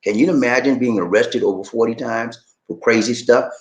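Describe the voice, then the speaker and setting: A man hosting a casual livestream and reading viewer comments, animated and prone to repeating phrases. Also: mid-range voice, fairly quick, dull audio. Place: home in the Philippines. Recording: echoey room.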